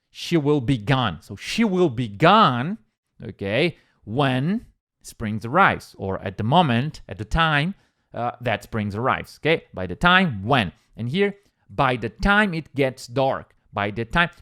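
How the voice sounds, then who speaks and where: Male English teacher, patient and repetitive, animated intonation. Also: mid-range voice. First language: Portuguese. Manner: patient, repeats examples slowly, checks with "okay?". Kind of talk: explaining vocabulary lesson.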